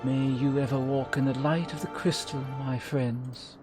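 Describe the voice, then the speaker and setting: A man's voice: mid-range voice, fairly even intonation, measured pace, music in the background, lightly acted. A man reading aloud the solemn, ceremonial lines of a gracious female elder leader in a game.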